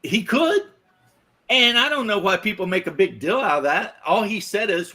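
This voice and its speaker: Bright, slightly husky American man; teasing, provocative podcast chatter. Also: sits high, expressive, normal speed. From United States. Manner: teasing, laughs often, mock-provocative. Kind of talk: casual podcast banter.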